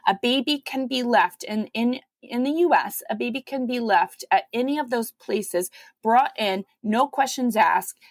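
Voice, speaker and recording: A woman who is a guest on a podcast, telling her story in a conversational way and acting out the quoted voices with big jumps in pitch. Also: a little slow, no room sound. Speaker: podcast guest, mother of five.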